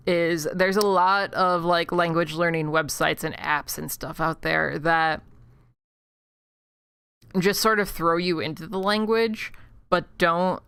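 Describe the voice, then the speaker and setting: A woman's voice: on the low side, fairly bright tone, smooth, no echo, clean studio sound. A woman from Chicago with a Chicago accent, chatting casually and rambling into a desk mic while livestreaming a game. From Chicago, United States. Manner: chatty and rambling, quick self-mocking asides. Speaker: streamer. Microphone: desk microphone.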